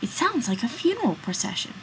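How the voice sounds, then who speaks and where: A woman's voice: fairly high pitch, sing-song, brisk, slight background noise, pitched above the performer's own voice. A woman voicing a bossy young man who leads and plots against his friend. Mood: scheming. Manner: commanding, plotting. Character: bossy scheming young ringleader.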